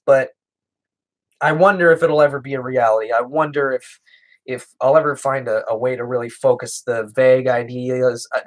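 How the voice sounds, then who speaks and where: A man's voice: a little high, a bit bright. A young man streaming, answering chat questions in a casual, rambling way, hesitating often and chuckling. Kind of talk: casual livestream Q&A.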